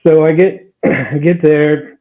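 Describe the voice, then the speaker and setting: A man's voice: a little high, slow pace. A man in his twenties casually telling a story on a podcast, laughing and acting out what people said. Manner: animated, laughing, acts out quotes. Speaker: guest storyteller. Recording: tinny phone-like sound.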